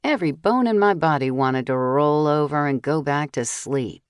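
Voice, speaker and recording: Low-voiced woman narrating a story. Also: normal speed, dry recording. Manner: steady, clear storytelling with voiced dialogue. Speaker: audiobook narrator. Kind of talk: first-person audiobook narration.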